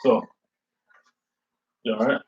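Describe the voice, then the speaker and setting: A man who is a food service delivery driver, chatting casually in slangy, animated talk. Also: takes it slowly, muffled recording, a little hiss or hum. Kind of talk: casual chat.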